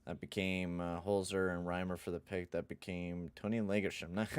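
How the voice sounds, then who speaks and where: Young male streamer, lowish smooth voice, dry close sound, excitable and profane. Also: normal speed, no echo. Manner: excitable, swears, shouts at the game. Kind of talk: live gameplay commentary and chat.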